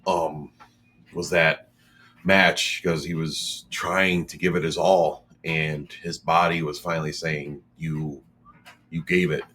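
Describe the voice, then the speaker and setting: Deep-voiced rambling man in casual chat. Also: little pitch movement, slow pace, sharp tone, a little hiss or hum. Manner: rambling, many fillers and restarts.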